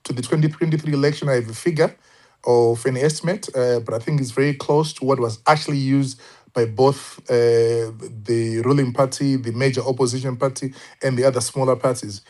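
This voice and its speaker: A man's voice: mid-range voice, fairly even intonation, a little fast, a little mellow. A man speaking on a casual online panel, thoughtful and hesitant, with many fillers and restarts. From Zimbabwe. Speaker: panel guest.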